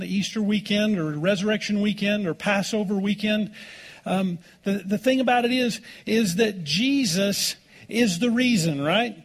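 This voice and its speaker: A male pastor delivering a sermon, reading scripture aloud and slowing down to stress key words. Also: high voice. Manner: slows down for emphasis, reads scripture aloud.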